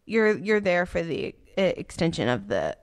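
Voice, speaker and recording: A young woman telling a story in casual chat, animated and full of fillers, laughing often as she goes. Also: lowish voice, normal speed.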